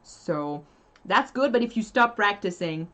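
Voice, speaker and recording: A woman's voice: medium pitch, lively intonation, measured pace, a bit bright. French woman co-hosting a live chat, chatty and laughing, casual. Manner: chatty, laughs often, restarts sentences. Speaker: livestream co-host.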